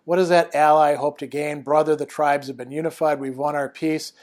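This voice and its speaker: A man's voice: fairly high pitch, level tone, a little fast, darkish tone, close to an everyday voice. A man reading out the lines of a doubtful young warrior from a novel, in a questioning tone.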